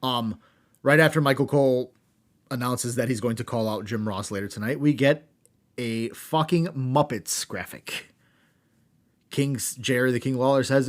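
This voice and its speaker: A man's voice: medium pitch, normal speed. A man co-hosting a podcast, recapping a wrestling show with sarcastic asides and lots of swearing. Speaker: podcast co-host.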